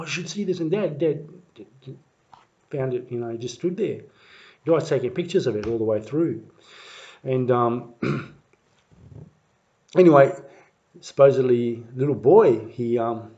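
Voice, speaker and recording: A man telling a family story in a rambling, halting way, full of fillers and restarts, livening up when he mimics the crowd. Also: medium pitch. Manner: lively when acting out crowd voices. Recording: muffled lo-fi recording.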